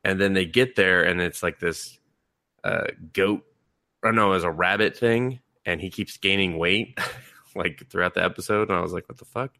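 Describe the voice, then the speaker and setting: A man's voice: low voice, moderate pace, bright, forceful tone, no room sound, studio quality. A man co-hosting a podcast in casual chat, rambling, laughing and swearing as he retells scenes. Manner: rambling, laughing, profane, mimics people mid-story. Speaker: podcast co-host.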